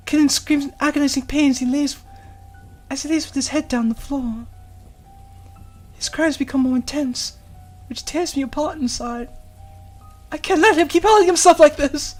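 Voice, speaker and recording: A woman voicing a gentle, devoted young woman in a visual novel, narrating softly in first person and comforting someone she loves. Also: high-pitched, moderate pace, long pauses, soft background music, natural voice. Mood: tender. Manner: soft, tender, hushed delivery.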